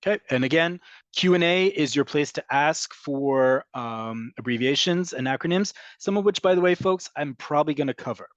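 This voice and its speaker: A man teaching an online language lesson, explaining patiently and repeating key words slowly for emphasis. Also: on the high side, lively intonation, dry recording, highs cut off. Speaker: Hebrew teacher.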